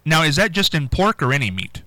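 A male radio host at a studio mic, talking in a loose, rambling way with a lively, up-and-down pitch. The sound is close and dry, with no room around it. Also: fairly quick, no echo, rough recording. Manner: chatty, rambling, repeats himself. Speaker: radio talk show host. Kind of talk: casual call-in radio talk.

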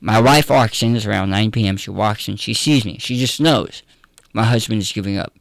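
A man's voice: lowish voice, a little fast, gravelly, no echo. Candid man, dry close sound. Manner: candid, earnest, conversational with fillers. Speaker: pastor. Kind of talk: personal storytelling in an interview.

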